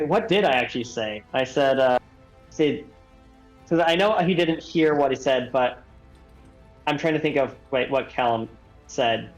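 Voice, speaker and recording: A man's voice: medium pitch, unhurried, pauses often, lo-fi sound, faint music behind. A man playing a tabletop role-playing game, speaking in character and out with frequent hesitations. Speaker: player.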